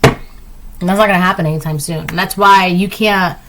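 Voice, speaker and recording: A woman's voice: steady tone, moderate pace, a bit bright, poor audio. Chatty woman giving a tarot reading. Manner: chatty, rambling, full of "like" and "right?"; acts out quoted lines in a higher voice. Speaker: tarot reader. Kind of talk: casual tarot reading monologue.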